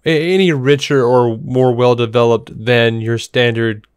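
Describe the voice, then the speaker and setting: Man, podcast co-host, smooth clear voice, dry close sound, blunt, sarcastic, casual chat. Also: medium pitch, fairly even intonation, unhurried, no echo. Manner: sarcastic, blunt, laughs often.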